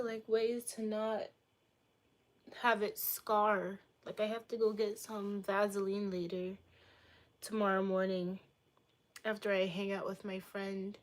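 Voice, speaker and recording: Young woman streamer from Boston, casual chat, cheeky and crude jokes, playful teasing delivery. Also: mid-range voice. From Boston, United States. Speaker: livestreamer answering chat.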